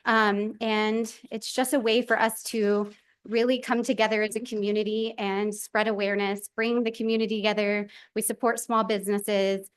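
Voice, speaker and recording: A woman's voice: medium pitch, level tone, moderate pace, clean tone. A woman advocate speaking sincerely and steadily to a city council from a podium microphone in a council chamber. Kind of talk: public comment at a council meeting.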